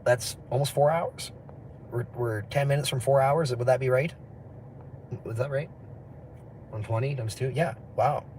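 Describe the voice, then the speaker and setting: A man's voice: medium pitch, unhurried, pauses often, darkish tone, slight background noise. A man chatting casually on a livestream, rambling, swearing and laughing often, talking into a phone. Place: outdoors on city streets.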